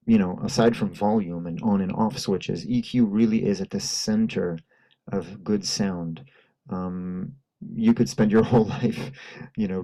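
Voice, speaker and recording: A man with a lowish, mellow voice teaches a hands-on workshop. He explains patiently and demonstrates sounds aloud, all heard through a microphone and PA speakers. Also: poor audio. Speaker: workshop instructor. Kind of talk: live demonstration lesson. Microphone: handheld mic through a PA system.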